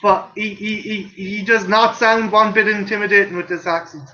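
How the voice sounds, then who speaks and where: A man's voice: sits high, level tone, normal speed, sharp tone, lo-fi sound. A man hosting a livestream in casual chat, rambling, swearing and laughing. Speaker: stream host.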